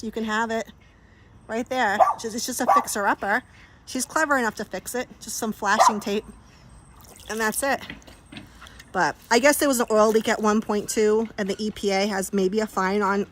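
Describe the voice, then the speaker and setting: A woman's voice: mid-range voice, heavy background noise. A woman chatting casually on a phone live stream outdoors by a pool, rambling and teasing her dogs. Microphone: handheld phone. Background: dogs barking.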